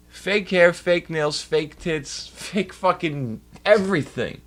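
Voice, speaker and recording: A man's voice: fairly high pitch, slow pace, hardly any pauses, a bit bright. A man livestreaming and ranting in a heated, profane way to his chat. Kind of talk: casual livestream rant.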